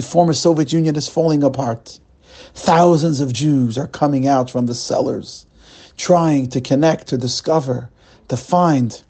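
Husky, gravelly storytelling rabbi. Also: male voice, mid-range voice, mellow. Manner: dramatic storyteller, addresses listeners as friends. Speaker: rabbi telling a weekly story. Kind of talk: storytelling sermon.

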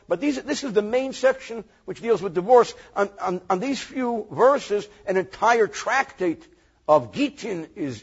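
Male rabbi, reading, lively joking lesson; raspy tone and a muffled, low-fi recording. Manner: animated, joking, reads Hebrew verses then translates. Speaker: rabbi teaching Torah.

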